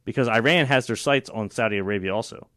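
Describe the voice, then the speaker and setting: A man's voice: lowish voice, fast talker, fairly bright tone, dry recording, clean studio sound. A man hosting a political talk show, opinionated and sarcastic, with frequent fillers and restarts. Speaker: radio show host.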